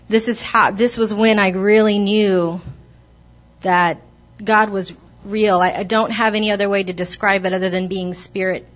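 Woman giving a halting church testimony. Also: medium pitch, lo-fi sound. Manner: hesitant, with fillers and restarts, earnest. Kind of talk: personal testimony to a congregation. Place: church sanctuary.

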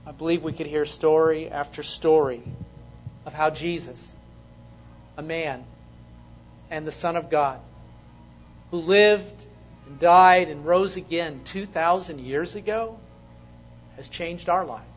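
A man preaching a sermon as pastor in a church, measured and earnest. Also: a little high, dull audio, faint music behind. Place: church sanctuary.

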